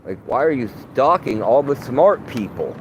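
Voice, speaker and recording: A man livestreaming outdoors in a rambling, profane, animated monologue. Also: mid-range voice, normal speed, muffled recording. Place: outdoors under open sky. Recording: wind noise on the mic.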